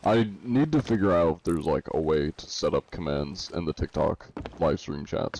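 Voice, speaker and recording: A man chats casually through a live gaming stream, reading out viewer comments and tossing back joking answers with the odd chuckle. His voice sits somewhat low and sounds warm and mellow, picked up on a desk mic with a faint hiss of noise underneath. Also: lively intonation, a little slow. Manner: reads viewer comments aloud and answers them offhandedly. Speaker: live streamer playing a pirate game.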